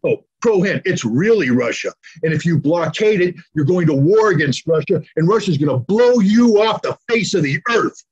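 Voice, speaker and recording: Brief: heated American commentator, blunt and sarcastic, husky tone, muffled home recording. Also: male voice, sits high, lively intonation, normal speed, few pauses, darkish tone. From United States. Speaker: military commentator. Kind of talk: opinionated political commentary. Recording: dull lo-fi recording.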